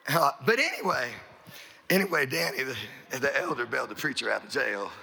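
A man's voice: medium pitch, expressive, fairly quick, gravelly, sharp tone. A middle-aged man, a pastor, telling a long folksy story in a sermon, rambling and repeating his words.

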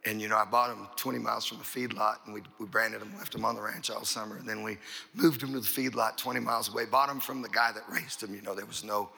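Middle-aged male pastor, folksy storyteller, gravelly, husky edge. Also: lowish voice, bright, forceful tone. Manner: folksy, rambling, repeats words and says "you know". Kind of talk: storytelling sermon.

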